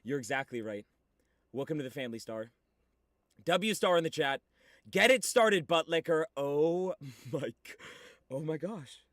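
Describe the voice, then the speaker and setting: A young man livestreaming, chatting casually with viewers in an excitable, teasing way with sudden shouts. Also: mid-range voice, normal speed, long pauses, dry recording, clean studio sound.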